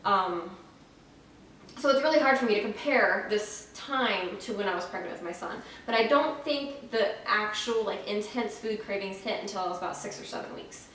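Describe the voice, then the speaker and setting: A woman's voice: mid-range voice, moderate pace, fairly bright tone, recorded from a distance. A young woman from Florida talking casually about her pregnancy at home, frank and chatty with many ums, her mouth dry and a little short of breath. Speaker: vlogger. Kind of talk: casual pregnancy update vlog. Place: at home, indoors. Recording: very echoey room, faint noise, off-mic.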